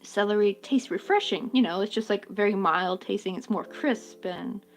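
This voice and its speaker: A woman's voice: mid-range voice, moderate pace. A woman chatting casually and giggling while she crochets on her vlog. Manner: chatty, giggly, talks to her work and to chat. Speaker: crochet vlogger.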